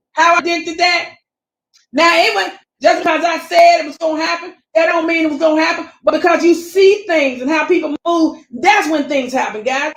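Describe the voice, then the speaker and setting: A woman's voice: very high-pitched, a bit bright, echoey room, low-quality recording. A woman who hosts a casual livestream, chatting with viewers and reading out their comments, repeating herself and starting over a lot. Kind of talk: casual live chat commentary.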